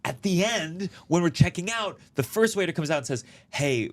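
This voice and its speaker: A man, a comedian guest, chatting casually and telling animated stories with quoted voices and some swearing. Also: high voice, a little fast. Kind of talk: casual chat, storytelling.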